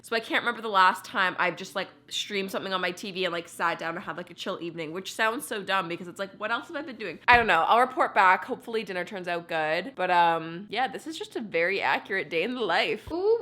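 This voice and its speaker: A young Canadian woman with a bright, clear voice chats casually to her viewers from her home. She rambles in a friendly, self-deprecating way while going through her day. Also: mid-range voice. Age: 20s. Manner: chatty, self-deprecating, bubbly. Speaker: vlogger. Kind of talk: casual day-in-the-life vlog. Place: home studio and kitchen, indoors.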